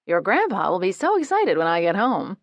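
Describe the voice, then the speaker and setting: A woman voicing a bold, playful grandmother who overshares loudly and proudly in an audiobook. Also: medium pitch, wildly swooping pitch, brisk, no room sound, muffled recording. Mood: boastful. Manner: brash, loud and proud.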